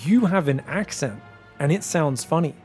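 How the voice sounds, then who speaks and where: A man giving solo esports commentary in a chatty, joking way with excitable asides. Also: on the high side, moderate pace, breathy edge, soft background music. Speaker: esports caster.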